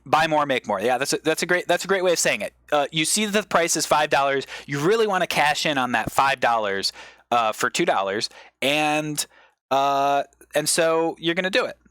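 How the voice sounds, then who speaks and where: A male comedian on a live stream, giving an improvised mock lecture as a rambling explainer with sudden excited bursts. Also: fairly high pitch, normal speed, no room sound.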